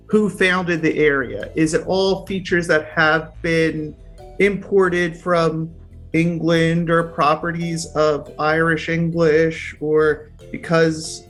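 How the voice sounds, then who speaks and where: Slow, hesitant academic man. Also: a little high, steady tone, fairly bright tone, soft background music. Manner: hesitant, thinking aloud with fillers. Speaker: linguist. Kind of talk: interview answer.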